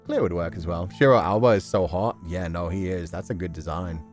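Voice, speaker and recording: Giggly low-voiced male streamer. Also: brisk, faint music behind. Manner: giggly, laughs often. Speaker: streamer reading fan art. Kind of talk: casual live-stream chat.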